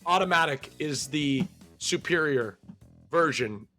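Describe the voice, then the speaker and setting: A man from the United States hosts a casual streamed chat. His voice sits high and he talks with playful energy, circling back over the same words. Soft music plays faintly behind him. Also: a little slow. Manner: energetic, joking, repeats himself. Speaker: stream host.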